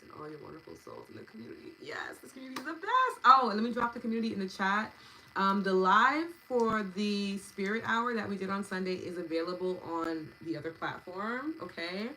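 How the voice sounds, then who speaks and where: A woman in her thirties, a meditation and EFT practitioner, hosting a live wellness session and chatting warmly with viewers by name. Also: low voice, vocal fry, a little hiss or hum, rough recording. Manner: gentle, affectionate and chatty, thanking viewers by name.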